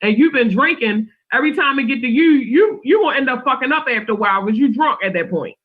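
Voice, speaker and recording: A man's voice: extremely high pitch, lively intonation, fast. A man on a remote call, rambling through an explanation with repeats and casual swearing. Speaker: co-host. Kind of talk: casual group chat. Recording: muffled lo-fi call audio.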